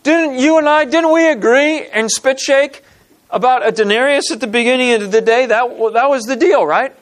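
Male pastor, high voice, lively sermon delivery, plays out the story's characters. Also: moderate pace. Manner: animated storytelling, acts out parable characters in grumbling voices.

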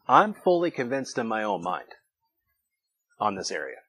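A man with a husky, breathy voice delivers a relaxed, conversational sermon. He teaches like a pastor walking his congregation through a passage and lifts his voice when he wants to stress a point. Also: on the low side, normal speed, long pauses. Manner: conversational, reflective teaching with emphatic rises.

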